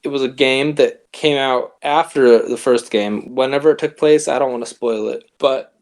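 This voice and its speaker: A young man hosting a comedy podcast, rambling and cutting himself off, with deadpan jokes. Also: medium pitch, normal speed. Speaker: podcast host.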